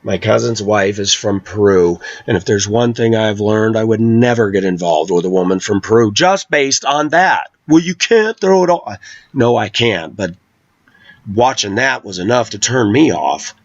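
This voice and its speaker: A man's voice: on the low side, normal speed, no echo. Indignant man ranting on a lo-fi recording. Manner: indignant, animated storytelling with voiced quotes. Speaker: vlogger. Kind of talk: personal story rant. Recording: dull, dry lo-fi sound.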